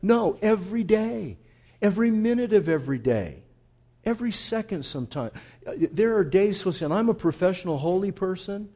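A pastor delivers a sermon in a fairly high voice. He talks to the congregation like friends, calling them folks. He drops to hushed intensity, then rises to loud emphasis. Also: big pitch swings, normal speed, husky. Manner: conversational preaching, addresses listeners as folks; shifts between quiet intensity and loud emphasis.

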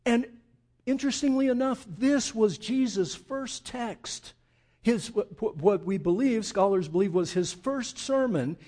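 A man's voice: sits high, animated, a little slow, mellow. An older man, a pastor, preaching a sermon in an emphatic, conversational way with casual asides.

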